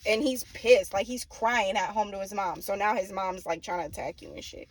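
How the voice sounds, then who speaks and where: A woman's voice: medium pitch, normal speed. A young woman giving a casual tarot reading, blunt and profane, often laughing and mimicking people. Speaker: tarot reader.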